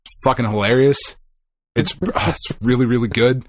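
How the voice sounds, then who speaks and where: A middle-aged man co-hosting a podcast, telling a story in a casual, animated way, swearing often and acting out the people he quotes. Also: mid-range voice, normal speed, dry recording. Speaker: podcast co-host.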